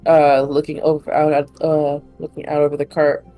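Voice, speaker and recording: A woman runs a tabletop game in a lowish voice, narrating in loose, rambling sentences full of fillers. Faint music plays underneath. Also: monotone, moderate pace, mellow, poor audio. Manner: rambling, filler-heavy, giggly. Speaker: game master.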